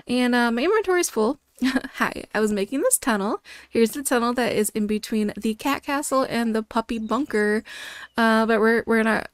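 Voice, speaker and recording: A woman hosting a gaming video, chatting through her gameplay with bubbly excitement and frequent delighted gasps. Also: a little high, dry recording.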